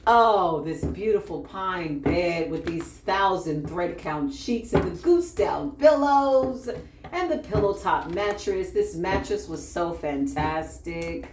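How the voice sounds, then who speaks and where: Animated woman telling a spiritual story. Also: fairly low pitch, slow. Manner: animated, acts out quoted voices, laughs often. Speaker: spiritual reader. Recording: echoey room with faint background noise.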